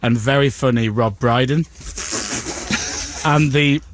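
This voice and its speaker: A man's voice: medium pitch, takes it slowly, dry recording. A man hosting a radio show in casual chat, jokey and slightly flustered. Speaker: radio host.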